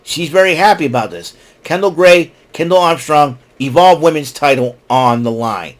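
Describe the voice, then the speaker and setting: A man's voice: on the high side, normal speed. A man hosting his own podcast, recapping a show in a casual, rambling, opinionated way, mocking the people he talks about. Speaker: podcast host.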